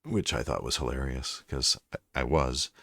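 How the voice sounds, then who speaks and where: A man's voice: a bass voice, normal speed, creaky, sharp tone, no echo. A Canadian man chatting casually on a live stream, rambling and chatty, now and then slipping into French. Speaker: livestreamer and voice-over narrator.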